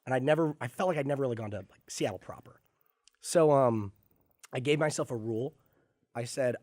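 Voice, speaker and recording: A man's voice: mid-range voice, fairly quick, pauses often, a little mellow, no room sound, clean studio sound. A man telling a rambling, sweary story in casual podcast chat, acting out the people in it. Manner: rambling storyteller, swears freely, acts out quotes. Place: studio.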